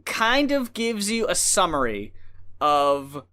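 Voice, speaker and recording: Bright-voiced man, laid-back co-host. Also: high voice, sing-song, takes it slowly. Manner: laid-back, swears freely, laughs often. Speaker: co-host of an album review show. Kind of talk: casual review chat.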